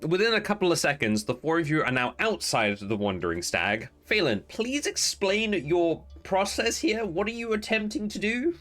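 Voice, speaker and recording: Lively, bright-voiced male game master. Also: high voice, normal speed, few pauses. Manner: lively, laughing banter with players. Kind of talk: narrating a tabletop game. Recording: faint music behind.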